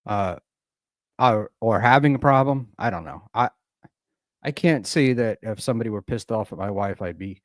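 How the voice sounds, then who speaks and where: A man's voice: medium pitch, dry recording, clean studio sound. A man chatting casually, throwing in sarcastic asides. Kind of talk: casual chat.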